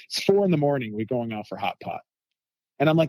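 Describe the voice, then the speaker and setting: A man telling lively food anecdotes as a guest in a casual interview, acting out quotes from people he met. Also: mid-range voice, a little fast, no room sound. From United States. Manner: animated anecdotes with quoted voices.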